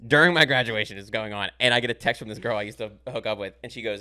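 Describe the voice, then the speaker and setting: Young male podcast host, low voice, fast talker, animated and profane storyteller. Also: clear, resonant tone. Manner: animated, profane, laughs through his stories.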